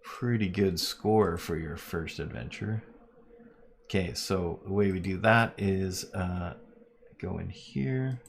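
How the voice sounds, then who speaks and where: A man's voice: low-pitched, slow pace, creaky, a little hiss or hum. A man running a tabletop role-playing game on a live stream, narrating loosely with plenty of fillers. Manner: loose, lots of fillers, laughs easily. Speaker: game master.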